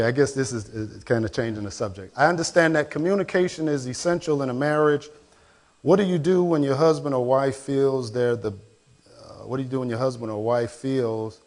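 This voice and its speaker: Man, pastor, Chicago accent, reflective, conversational. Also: mid-range voice. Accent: Chicago African American English. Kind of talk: church Q&A discussion.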